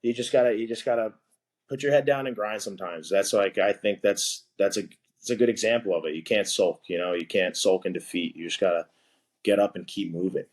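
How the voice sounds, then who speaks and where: The young podcast guest tells his story in a brisk, fairly low voice, rambling casually and sprinkling "like" throughout.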